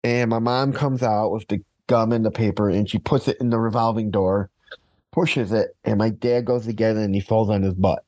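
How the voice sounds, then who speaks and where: Casting: man, low mellow voice, relaxed storyteller, dry close sound. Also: moderate pace, dry recording. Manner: storytelling, quoting others. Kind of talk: casual conversation.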